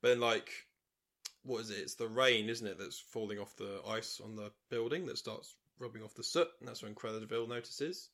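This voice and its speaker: A man, co-hosting a podcast, chatty and quick to laugh. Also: lowish voice, fairly bright tone. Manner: chatty, laughs often, acts out quotes. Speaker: podcast co-host. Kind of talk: casual chat.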